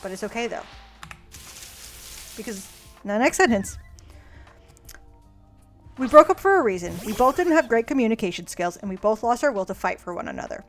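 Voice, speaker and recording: Young female streamer, high-ish voice, sarcastic and profane; quiet music underneath. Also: wildly swooping pitch, moderate pace, long pauses. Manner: sarcastic, swears freely, mocks her past self. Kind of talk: casual chat reading old diary letters aloud. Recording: faint music behind.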